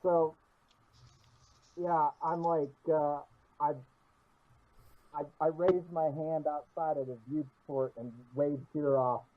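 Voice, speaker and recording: A man in a tabletop game talks haltingly, with many restarts. He speaks slowly in a slightly higher voice. The sound comes through a thin, phone-like call line. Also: level tone. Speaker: player. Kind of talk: casual play over an online call. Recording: tinny phone-like call audio.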